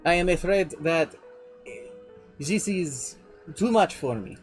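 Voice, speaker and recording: A man's voice: a little high, lively intonation, takes it slowly, faint music behind. A man voicing a flustered male half-elf bard, putting on a mock French accent and speaking with exaggerated politeness. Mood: polite, bewildered. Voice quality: exaggerated, overly polite speech. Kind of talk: acting out a character while telling a tabletop story.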